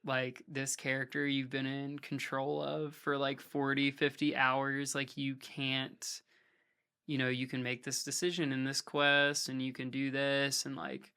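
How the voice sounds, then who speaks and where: A man's voice: medium pitch, completely flat delivery, a little slow, bright, forceful tone, clean tone. A man chatting casually as a podcast guest, rambling and filling almost every phrase with "like". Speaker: podcast guest, hardcore vocalist. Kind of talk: casual conversation.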